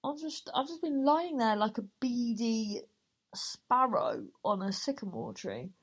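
Woman host, rambling sweary solo chat, a bit high-pitched. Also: very animated, measured pace, slightly rough. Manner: chatty, rambling, sweary and self-mocking. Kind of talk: casual monologue.

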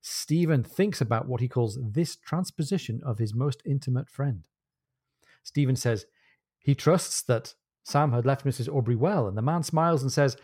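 Guy hosting a book podcast, retelling the story, wry jokes, average pitch. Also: normal speed, darkish tone, slightly rough, no echo, clean studio sound. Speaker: podcast host. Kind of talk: casual book discussion.

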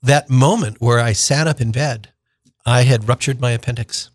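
An older man, a deacon in his sixties, tells a personal story on the radio in a warm-paced conversational way and acts out what people said. His voice sits at an ordinary middle pitch. The studio sound is close and dry, with no room echo. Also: normal speed. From northern Minnesota. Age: 60s. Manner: conversational, animated retelling with acted-out quotes.

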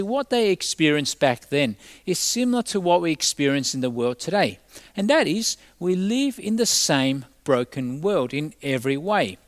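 Male pastor, sermon delivery, animated storyteller, dry close sound. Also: on the high side, no room sound. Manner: storytelling, acts out the voices in a parable; leads a quiet prayer.

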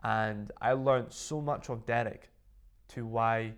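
A man's voice: medium pitch, takes it slowly, clear, resonant tone. Chatty male guest telling stories. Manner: animated storytelling, full of "like" fillers. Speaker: interview guest, business owner. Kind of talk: casual interview chat.

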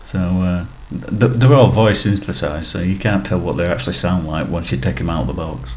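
Very deep-voiced hesitant podcast host. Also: male voice, brisk, a little mellow, soft background music. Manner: hesitant, lots of uh, self-deprecating. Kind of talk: casual chat, reading listener emails.

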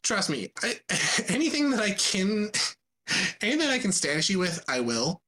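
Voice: medium pitch, sing-song, moderate pace, pushed and bright. A podcast co-host in casual gaming chat, jokey and laughing often.

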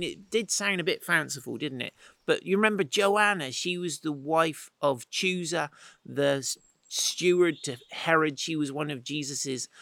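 A man's voice: a little high, pushed and bright, dry recording, rough recording. A man teaching from the Bible outdoors in the wind, retelling the story in a chatty, playful way with asides. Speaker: preacher.

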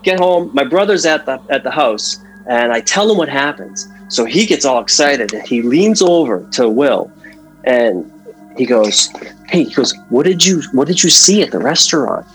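A man in his forties, a guest painter from Massachusetts, chatting casually on a podcast and telling stories in an animated way. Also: mid-range voice, normal speed, soft background music, poor audio. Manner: animated storyteller, restarts and fillers.

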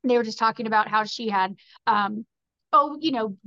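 A fairly high-voiced woman chatting as a podcast guest. She rambles loosely and leans on "like" and "you know". The sound is dry and a little dull and muffled. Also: normal speed, sharp tone, no room sound. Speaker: podcast guest, fashion designer. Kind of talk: casual conversational storytelling.

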